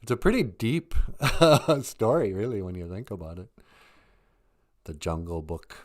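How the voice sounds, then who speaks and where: A man in his fifties, co-hosting a live stream, telling a story in a rambling, animated way and laughing often. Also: fairly low pitch, measured pace. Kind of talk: casual chat, storytelling.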